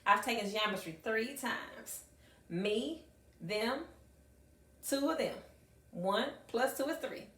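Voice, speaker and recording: A middle-aged woman, a high school math teacher, telling stories to an audience with emphatic repetition and acted-out dialogue. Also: lively intonation, slow, pauses often, fairly bright tone. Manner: emphatic, acts out dialogue, repeats phrases for effect. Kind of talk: storytelling talk to an audience. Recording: echoey room, mic at a distance.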